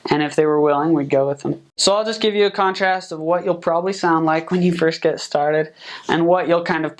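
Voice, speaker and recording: A young man, a returned missionary, giving relaxed, chatty advice full of fillers. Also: fairly high pitch. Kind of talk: casual advice talk.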